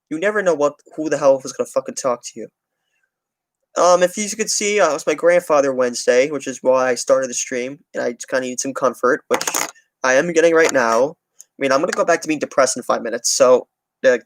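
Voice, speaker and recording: A young man with a medium-pitched voice, recorded without echo, chats casually on a livestream for his transit channel. His talk rambles, restarts frequently and includes heavy swearing.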